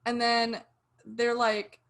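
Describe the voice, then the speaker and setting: A woman's voice: a little high, completely flat delivery, slow, vocal fry, fairly bright tone. A young woman co-hosting a podcast, animatedly retelling a TV episode and acting out her own reactions. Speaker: podcast co-host. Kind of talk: casual chat reviewing a TV show.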